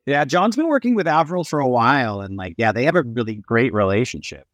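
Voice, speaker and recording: A middle-aged man chatting on a podcast, his pitch swinging widely as he tells stories and acts out quotes. The sound is dry and close. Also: fairly quick, dry recording. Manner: animated storyteller, acts out quotes. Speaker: guest musician. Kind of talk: casual podcast chat.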